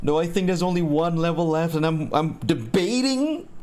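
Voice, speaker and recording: A man's voice: on the high side, expressive, moderate pace, a little mellow. A man streaming a game and chatting casually with friends, laughing often between remarks. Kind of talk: casual gaming stream chat.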